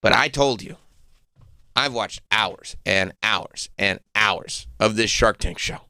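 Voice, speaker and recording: A man's voice: on the low side, pushed and bright, no echo, studio quality. A man hosting a radio talk show, chatting casually and riffing at length with strong opinions. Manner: opinionated, rambling, quick to riff.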